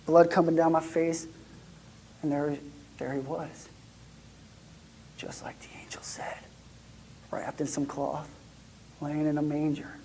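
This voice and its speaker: A man acting out an excitable young shepherd in a first-person church monologue, chatty and lively, then dropping to hushed tones. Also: sits high, moderate pace, slight background noise, natural voice. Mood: hushed awe.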